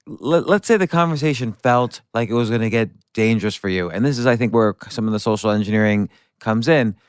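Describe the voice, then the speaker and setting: A man's voice: fairly low pitch, fast talker, clean tone, dry recording. Curious male podcast host, dry close sound. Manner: curious, restarting phrases while he works out his questions. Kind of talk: interview questions.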